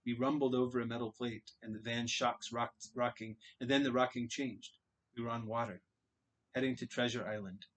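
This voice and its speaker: A man's voice: mid-range voice, steady tone, normal speed, a bit bright, rough recording. A man narrating a novel in the first person, earnest and dramatic in places. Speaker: audiobook reader. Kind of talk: audiobook narration.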